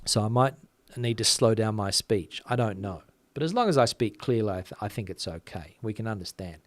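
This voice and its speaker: A man from Western Australia with a softened Australian accent, hosting a casual chat, reading out viewer comments and talking quickly with lots of fillers. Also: lowish voice, expressive, no echo. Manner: chatty, many fillers, talks fast. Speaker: channel host.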